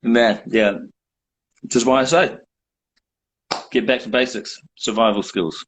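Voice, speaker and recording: A man's voice: medium pitch, steady tone, measured pace, low-quality recording. A middle-aged man chatting as a guest on a video call, rambling with dry, self-mocking humor. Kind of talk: casual chat.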